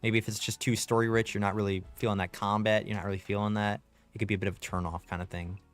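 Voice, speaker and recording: Wyluzowany streamer komentujący grę. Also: male voice, fairly low pitch, flat delivery, fast, soft background music. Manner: laid-back, slangy chatter. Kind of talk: casual gameplay commentary.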